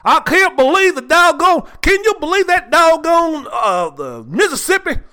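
A man putting on a voice as a ranting Southern male college football fan, hollering with folksy outrage and drawn-out words. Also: extremely high pitch, very animated, pushed and bright, voice pushed up, heavily acted. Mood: outraged rant.

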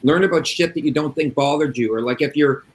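A man's voice: a little high, fairly quick, rough recording. A middle-aged man who works as an addiction interventionist, talking bluntly and emphatically with plenty of swearing in a casual interview.

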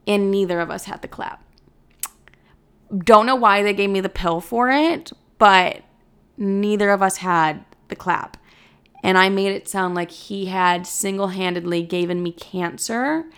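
A woman's voice: mid-range voice, unhurried, fairly bright tone, smooth. A young woman in her twenties telling a storytime, dramatic and profane, saying 'like' constantly. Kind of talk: casual storytime monologue.

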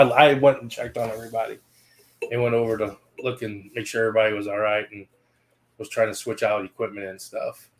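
A man co-hosting a paranormal podcast, chatting casually and filling in and correcting details of the night. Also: lowish voice. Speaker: paranormal investigation podcast co-host. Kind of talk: casual recap chat.

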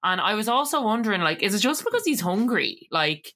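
A woman co-hosting a podcast, chatting casually and quickly about a reality show and laughing often. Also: medium pitch, big pitch swings, fairly bright tone. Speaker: podcast co-host.

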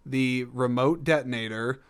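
A man talks through a film review on his own show in an easy, joking way, wandering off track and correcting himself. His voice is smooth and clean, sitting at an ordinary middle pitch. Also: unhurried. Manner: rambling, jokey, self-correcting. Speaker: podcast host reviewing a film. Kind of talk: casual solo film review.

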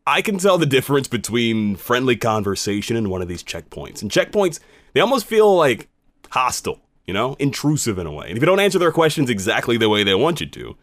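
Man telling a personal story, lively pitch, emphatic, dry close sound. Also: a little fast, no echo. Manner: animated, conversational, emphatic. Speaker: radio host.

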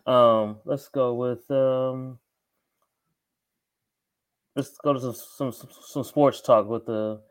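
A man's voice: medium pitch, fairly even intonation, takes it slowly, pauses often, smooth. A man co-hosting a podcast, chatting casually in a laid-back way and steering the topics. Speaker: podcast co-host.

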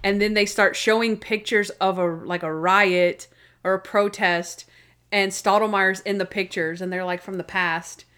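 A woman's voice: mid-range voice, fairly even intonation, a little slow, fairly bright tone, clear, resonant tone. A woman co-hosting a casual fan chat, retelling favorite scenes and acting out quoted lines in playful voices. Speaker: co-host.

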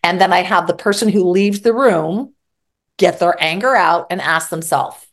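A woman therapist talking in an interview, animated and acting out quoted exchanges. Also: on the low side, normal speed. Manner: animated, acts out quoted dialogue. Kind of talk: interview conversation.

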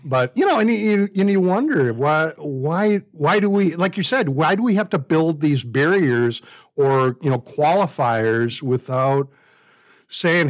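An American man in his fifties co-hosts a podcast in a relaxed, casual conversation. He talks candidly and pokes fun at himself. His thoughts ramble and double back with frequent restarts. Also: fairly high pitch, normal speed. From United States. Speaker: podcast co-host.

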